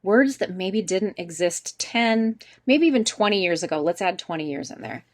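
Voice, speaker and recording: A chatty woman teaches an online English class over a video call mic. She laughs easily and keeps asking her students questions. Her voice sits at an ordinary middle pitch. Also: lively intonation, normal speed.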